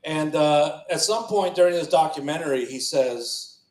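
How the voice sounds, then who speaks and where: A man's voice: fairly high pitch, moderate pace, a little mellow. A man doing a crude, rambling stand-up set at an open mic, often breaking off mid-sentence. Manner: rambling, crude, self-interrupting. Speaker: stand-up comedian. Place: comedy club stage. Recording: echoey club room.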